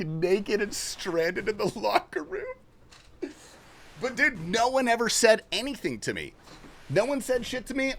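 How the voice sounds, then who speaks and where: A young man streaming a game, telling a story in a casual, animated way, swearing and laughing often. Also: on the high side. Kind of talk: casual story-telling chat while gaming.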